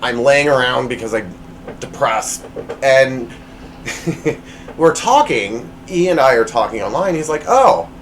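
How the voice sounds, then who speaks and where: In a low-quality home recording with slight hiss or hum, a podcast host with a mid-range voice tells a personal story. He's expressive and unhurried, rambling and poking fun at himself, with plenty of fillers and restarts.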